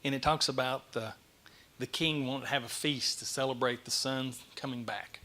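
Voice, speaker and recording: A middle-aged man gives a church message, telling the story in an animated, self-deprecating way. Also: medium pitch, moderate pace. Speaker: lay speaker giving a church message. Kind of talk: sermon. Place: church sanctuary.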